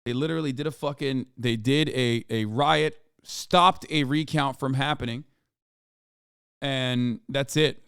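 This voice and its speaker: A man's voice: mid-range voice, fairly even intonation, fairly bright tone, smooth, dry recording, clean studio sound. Profane, sarcastic male streamer. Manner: profane, fast, sarcastic ranting. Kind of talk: political commentary livestream.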